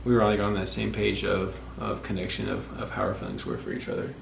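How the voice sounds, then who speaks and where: A gravelly-voiced young vlogger tells the story of him and his wife, talking fast in a lowish, sing-song voice. His casual storytelling rambles, doubles back to correct itself, and frequently quotes what he said. It's recorded in an echoey room with a faint hum of noise.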